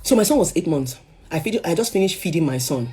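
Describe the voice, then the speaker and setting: A young woman with a Nigerian accent telling a personal story as emotional testimony, swinging between hushed and loud. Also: on the low side, expressive, fast talker, soft background music. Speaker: speaker sharing a personal story.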